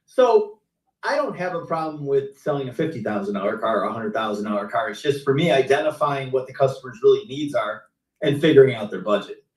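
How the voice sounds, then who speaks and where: A man's voice: mid-range voice, lively intonation, fairly quick, darkish tone. A middle-aged man, a car sales veteran, telling stories casually on a live stream and acting out his customers' lines. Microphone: video call. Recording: roomy, distant mic.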